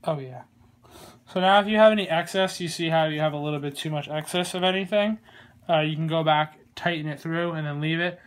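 A man giving a casual how-to tutorial on a glove, relaxed and rambling, with plenty of fillers and small jokes. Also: a little high, fairly quick. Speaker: glove maker demonstrating lacing. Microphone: phone camera.

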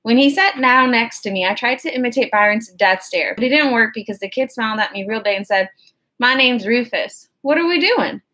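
Woman narrator, first-person audiobook, wry and conversational, slightly high voice. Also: fast, hardly any pauses, pushed and bright.

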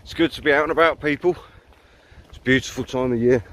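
Chatty, swearing hiker. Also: male voice, medium pitch, fast talker, a bit bright, a little hiss or hum. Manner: chatty, blunt, swears freely. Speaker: hiking vlogger. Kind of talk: casual walking vlog monologue. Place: outdoors on a riverside countryside path.

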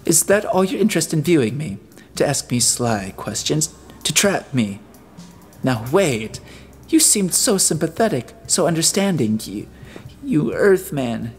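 A fiery, brittle young woman, put on by a male audiobook narrator, pleads in a lifted, strained voice that sharpens into a raspy snap. A gravelly edge runs under the raised pitch, with soft music far behind. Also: animated, moderate pace, close to an everyday voice. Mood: furious. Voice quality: raspy when angry. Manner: high pleading voice turning to shrill outrage. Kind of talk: audiobook character voice.

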